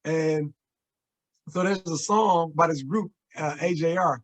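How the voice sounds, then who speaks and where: A man in his forties co-hosting a relaxed conversation, with a voice pitched notably high for a man. He talks emphatically and confidingly, tossing in quick affirmations. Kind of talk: casual chat.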